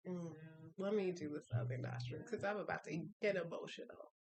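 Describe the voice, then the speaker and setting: A woman vlogger calmly walking through her spiritual routine, speaking softly and reflectively and reciting affirmations. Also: fairly low pitch, a little fast, a little hiss or hum. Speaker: vlogger sharing a ritual. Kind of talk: casual spoken walkthrough of a spiritual routine.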